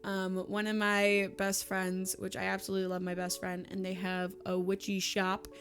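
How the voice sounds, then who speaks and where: A woman's voice: medium pitch, monotone, normal speed, a bit bright, soft background music. A young woman, chatting casually to camera in a vlog, emotional and gushing, laughing often and teary. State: tearful. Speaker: YouTuber and streamer. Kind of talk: casual monthly vlog chat.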